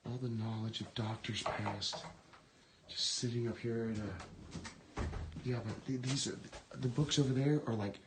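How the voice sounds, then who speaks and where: A man streaming live from inside an abandoned building, talking to his viewers in a rambling, reverent murmur as he reads titles off the shelves. His voice sits at an ordinary middle pitch. The phone recording carries a clear hiss and scattered clicks. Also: fairly even intonation, a little slow. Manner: musing, reads book titles aloud with hushed awe.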